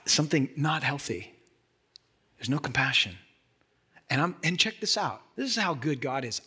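A man's voice: a little high, pushed and bright, husky. A man pastor delivering a sermon in an emphatic, conversational way, addressing the listeners with direct questions.

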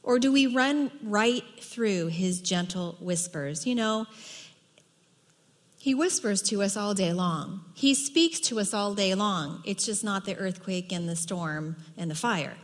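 A middle-aged woman teaching a women's Bible study in an earnest, emphatic way, dropping soft for quoted words. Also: mid-range voice, expressive, measured pace. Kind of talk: sermon. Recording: long hall reverb.

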